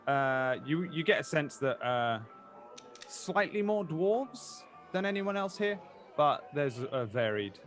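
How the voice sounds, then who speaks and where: A man's voice: a little high, big pitch swings, takes it slowly, faint music behind. A man narrating a tabletop game as game master, describing scenes playfully.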